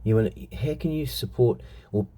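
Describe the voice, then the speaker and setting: A man's voice: medium pitch, fairly quick, warm tone. A middle-aged Australian man in a blunt, profane, heated monologue, telling stories from his past as a show host. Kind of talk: unscripted monologue.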